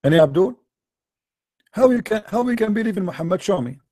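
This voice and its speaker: Mocking man with a dark, dry voice. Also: high voice, animated, fairly quick, no echo. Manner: mocking, taunting, repetitive rhetorical questions. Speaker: online debate host. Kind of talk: confrontational live-stream debate.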